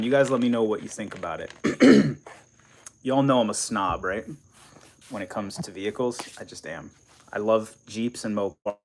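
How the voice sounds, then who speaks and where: A young man from New Jersey with a medium-pitched voice hosts a casual live stream. He rambles and chats, reading viewer comments aloud and greeting people.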